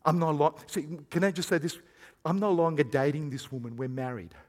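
A man preaching a sermon as pastor, swinging between hushed, intimate lines and loud, emphatic bursts. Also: on the high side, a little fast. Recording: long hall reverb.

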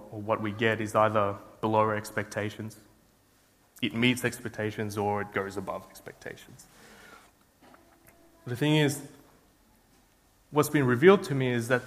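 A young man preaching in a church hall, his voice at an ordinary middle pitch. He talks in a loose, chatty, self-deprecating way, full of "um"s and restarts. A long hall reverb trails after each phrase. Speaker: guest preacher. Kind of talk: informal sermon with storytelling.

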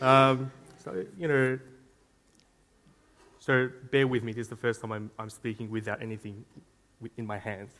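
A young man giving an informal sermon, chatty and self-deprecating, telling a story with lots of fillers and restarts. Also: mid-range voice. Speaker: guest preacher. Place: church hall. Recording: long hall reverb.

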